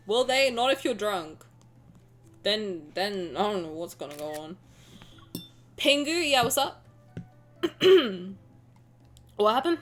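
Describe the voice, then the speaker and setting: A woman's voice: mid-range voice, expressive, takes it slowly, long pauses, faint music behind. Tired, rambling woman streamer. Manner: rambling, self-deprecating, lots of restarts. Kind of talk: casual live-stream chat.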